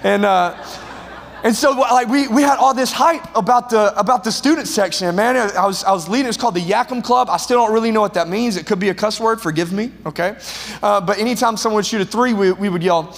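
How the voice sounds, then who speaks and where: High-voiced preacher in a reverberant hall. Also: male voice, fairly quick. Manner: energetic, self-mocking, frequent laughter. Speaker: pastor. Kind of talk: humorous storytelling sermon.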